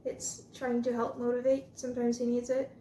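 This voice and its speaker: A woman's voice: fairly high pitch, monotone, a little fast. Chatty young woman training her dog. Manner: chatty and reassuring, with soft praise for the dog. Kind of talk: casual vlog narration. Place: home room with a couch. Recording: echoey room, faint noise.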